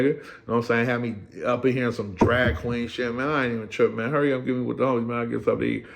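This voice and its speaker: A man's voice: medium pitch, rapid-fire, gravelly, hardly any pauses. A middle-aged man casually telling a story in a streetwise, profane style. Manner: streetwise, profane, animated retelling with quoted voices.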